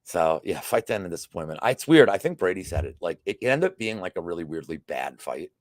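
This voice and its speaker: A man's voice: low voice, big pitch swings, fast, dry recording, studio quality. A man hosting a betting podcast, chatting casually through fight picks with rambling restarts and profane asides. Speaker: sports betting podcast host.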